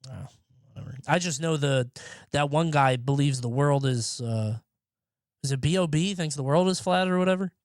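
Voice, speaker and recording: A man's voice: on the high side, moderate pace, no room sound, clean studio sound. A young man streaming and chatting casually, rambling and swearing offhandedly. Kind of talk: casual live-stream chat. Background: faint music.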